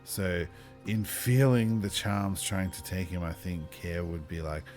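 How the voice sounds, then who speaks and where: A man running a tabletop game as game master, chatty and thinking aloud, with lively exclamations. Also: low voice, unhurried, soft background music.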